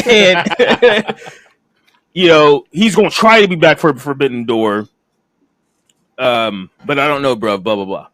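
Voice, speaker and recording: A man co-hosting a casual wrestling review podcast, animated and laughing often. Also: on the high side, slow, long pauses, no room sound. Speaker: podcast co-host.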